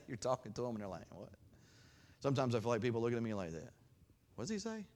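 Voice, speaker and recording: A man pastor preaches with a voice of middle pitch. He climbs to loud, raised stretches and then drops into easy, chatty asides. He acts out dialogue in a homespun, folksy way. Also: expressive, quick pace. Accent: regional accent of his own. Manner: preaching with big swings between shouted peaks and quiet asides; acts out God's words in a folksy voice. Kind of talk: sermon.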